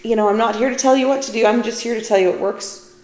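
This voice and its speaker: Fast yet steady in tone, a middle-aged woman with a fairly high, slightly mellow voice hosts her own podcast. She talks casually and candidly, often at her own expense, in a solo recording from an echoey room.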